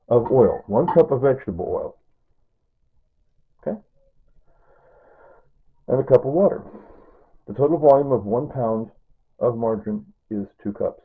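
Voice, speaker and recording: A man's voice: medium pitch, husky. A man in his sixties, chatting casually while he cooks a stew, rambling through asides and chuckling at his own jokes. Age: 60s. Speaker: home cooking vlogger. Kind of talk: casual cooking demonstration. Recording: tinny, phone-like sound.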